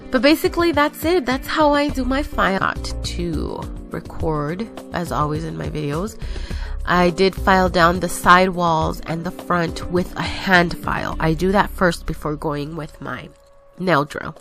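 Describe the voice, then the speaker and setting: A woman with a somewhat low voice talks through her steps in a loose, rambling, self-correcting way, sounding a little out of breath. Her voice-over sits over faint background music. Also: unhurried, gravelly, fairly bright tone. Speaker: nail tutorial vlogger. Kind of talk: casual voice-over narration of a tutorial.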